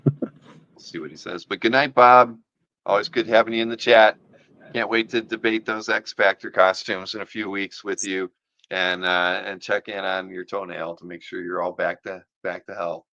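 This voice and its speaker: A man's voice: low voice, fairly even intonation, normal speed, bright, forceful tone, no room sound, highs cut off. A man hosting a casual chat about comic art, rambling with many fillers and restarts, and losing his voice. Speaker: podcast host.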